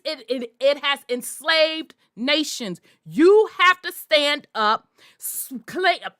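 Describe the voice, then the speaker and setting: A woman hosting a podcast, delivering a forceful, profanity-laced monologue in a preachy way. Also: high-pitched, no room sound, clean studio sound. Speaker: podcast host.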